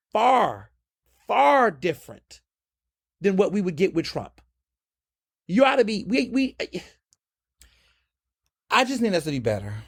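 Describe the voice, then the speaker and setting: With a high-pitched voice and noticeable vocal fry, this man hosts a podcast and tears through a political rant. He's fiery, emphatic and lively, and he swears freely.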